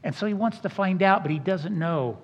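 Animated preacher man in an echoing hall. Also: sits high, a little fast. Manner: animated, acts out quoted voices. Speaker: pastor. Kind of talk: sermon. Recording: dull sound with long hall reverb.

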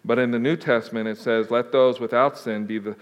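A man's voice: mid-range voice, fairly even intonation, fairly quick, lo-fi sound. A man preaching a conversational sermon as a pastor, answering questions in an informal, plain-spoken way with joking asides. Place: church sanctuary. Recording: long reverb of a large hall.

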